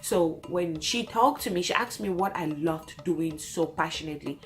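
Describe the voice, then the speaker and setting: A young woman, a single mother, chatting to camera about her past, laughing often and jumping high in pitch when excited. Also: moderate pace, soft background music. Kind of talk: casual story-time chat to camera. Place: home, late at night.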